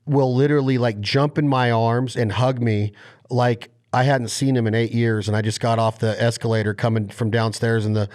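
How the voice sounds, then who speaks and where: A man in a mid-pitched voice hosts a relaxed podcast conversation. He gets fired up as he tells stories and heaps praise on friends, and his delivery stays lively and animated. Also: moderate pace. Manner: enthusiastic, animated storyteller. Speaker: podcast host. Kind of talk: casual interview chat.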